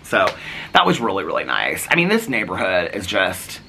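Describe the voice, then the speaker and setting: A man's voice: deep voice, wildly swooping pitch, normal speed, vocal fry, pushed and bright, slight background noise. A man vlogging casually to camera, telling a long story full of fillers and quoted dialogue.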